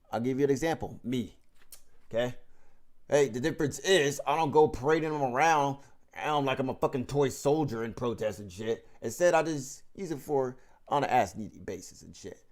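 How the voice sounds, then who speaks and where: A man's voice: medium pitch, a little mellow. A man ranting about politics in a vlog, emphatic and mocking, swearing heavily and rambling with restarts. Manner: rambling with frequent restarts and fillers. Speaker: vlog host. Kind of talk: profane political rant.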